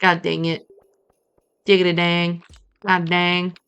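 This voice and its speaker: A woman's voice: fairly low pitch, monotone, slow, fairly bright tone, clean tone, no echo. A woman streaming a farming game, chatting playfully and muttering to herself as she plays. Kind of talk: casual gameplay commentary.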